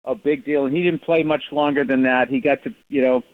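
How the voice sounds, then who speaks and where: A man's voice: mid-range voice, fairly even intonation, a little fast. A middle-aged man with a Boston accent, a guest comedian talking casually on a radio show, blunt and wry as he rambles through stories. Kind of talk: casual radio interview chat. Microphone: phone call into radio show. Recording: tinny phone line.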